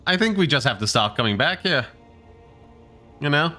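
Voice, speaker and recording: A man's voice: on the high side, expressive, moderate pace, sharp tone, faint music behind. A man streaming a game with casual, rambling commentary full of fillers. He has a mixed British and American accent, and his voice is sore.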